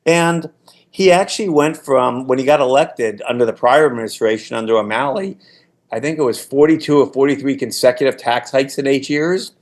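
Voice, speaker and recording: A man's voice: mid-range voice, fairly quick. A man in his sixties, a former political staffer, telling anecdotes in a casual podcast conversation, often restarting his sentences. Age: 60s. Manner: anecdotal storytelling with frequent restarts.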